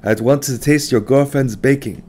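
A man's voice: mid-range voice, normal speed, a little mellow, pitched above the performer's own voice, lightly acted. A man voicing an older widowed mother who is stubborn and fretful, in an audiobook. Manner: scolding, insistent.

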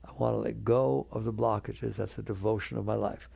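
A man's voice: fairly low pitch, fairly even intonation, brisk, vocal fry, warm tone, breathy edge, no echo. A man giving a spiritual talk to an audience, earnest and conversational, coaxing his listeners along. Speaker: spiritual teacher.

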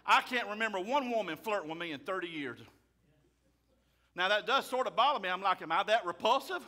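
A man, a pastor preaching a fiery sermon loudly and emphatically. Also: high-pitched, lively intonation, a little fast. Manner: loud, emphatic, raises his voice.

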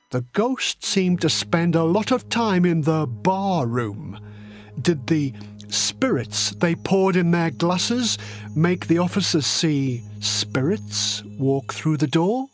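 A man's voice: fairly high pitch, sing-song, slow, faint music behind. A man reading his own book aloud as a dramatic audiobook narrator. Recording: long reverb.

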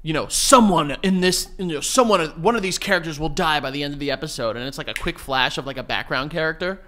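A man's voice: on the high side, quick pace, a little hiss or hum. A man in his thirties co-hosting a podcast, telling jokey stories in casual chat. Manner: joking, animated storyteller. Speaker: podcast co-host.

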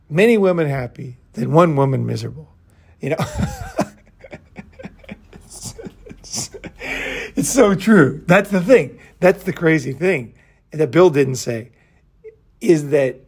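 A man's voice: fairly high pitch, creaky, darkish tone, husky. A middle-aged man telling stories in a rambling casual monologue, full of fillers and swearing. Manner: rambling storytelling with frequent profanity and fillers. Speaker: podcast host.

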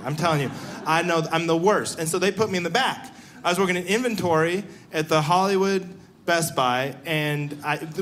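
Young guy doing a standup set, high voice, animated, does little impressions of people, live stage. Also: a little hiss or hum. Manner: animated storytelling, acting out voices. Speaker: stand-up comedian. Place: live comedy stage with audience.

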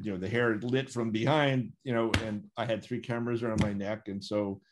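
An American man telling long personal anecdotes as an interview guest over a video call, with many fillers and self-corrections. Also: lowish voice. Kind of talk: storytelling in a conversation.

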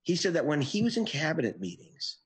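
Husky man, investigative reporter. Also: a little fast. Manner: earnest, animated storytelling with sudden pitch jumps. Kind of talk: interview answers.

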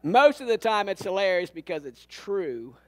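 A man's voice: sits high, very animated, moderate pace. A man preaching a sermon as pastor, telling funny stories and acting out the lines of people in them. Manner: storytelling with jokes and acted-out quotes. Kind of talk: humorous sermon. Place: church sanctuary.

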